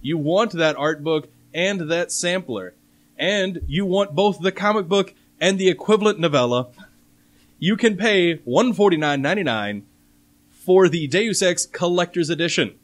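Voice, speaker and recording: A man hosting a casual gaming podcast, laying out details with wry, deadpan sarcasm. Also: high voice, normal speed. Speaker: podcast host. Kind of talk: casual panel chat.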